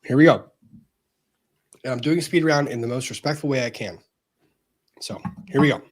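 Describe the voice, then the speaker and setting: A man's voice: medium pitch, normal speed, husky. A man hosting a casual livestream, earnestly thanking viewers as he reads out their super chats.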